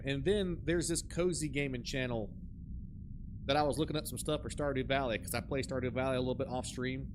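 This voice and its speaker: A man streaming a horror game, talking in a lively, swooping voice and telling stories with quick impressions of other people. His voice sits a bit high for a man. Clear background noise runs under everything he says. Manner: animated, jokey storyteller who mimics people. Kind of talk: casual gaming commentary.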